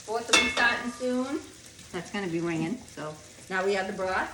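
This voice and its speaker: A woman's voice: mid-range voice, normal speed. A middle-aged woman chatting enthusiastically as she cooks dinner at home, repeating words for emphasis. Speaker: home cook vlogger. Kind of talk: casual cooking vlog. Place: home kitchen. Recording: echoey kitchen, distant mic, noisy. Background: frying and sizzling.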